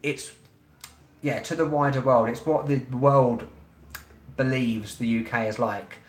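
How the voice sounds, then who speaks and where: A man in his thirties with a London accent hosts a travel live stream, talking bluntly and rambling along with frequent ums. His voice sits at an ordinary middle pitch. The sound carries a roomy echo. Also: steady tone, unhurried. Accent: London English. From England. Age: 30s. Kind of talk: casual live-stream chat.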